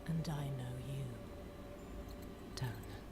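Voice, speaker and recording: A woman's voice: extremely low pitch, slow pace, loud music behind the voice. An actress playing a sinister, knowing female spirit in a game cutscene, whispering in a taunting way. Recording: whispered cutscene audio with loud noise.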